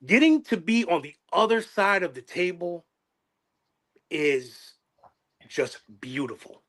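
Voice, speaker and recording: A man's voice: high-pitched, animated, takes it slowly, a bit bright. A middle-aged man hosting his channel, talking in an emotional, passionate way, repeating phrases and restarting his sentences. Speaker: channel host. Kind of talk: emotional casual chat.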